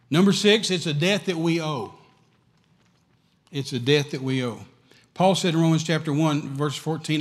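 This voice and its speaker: A man preaching a sermon, emphatic and repetitive, swinging between loud and quiet. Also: medium pitch, moderate pace, long reverb tail.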